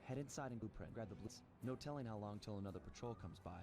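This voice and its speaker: A man voicing a deep, eager getaway partner. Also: racing, lightly acted. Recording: game audio with music underneath.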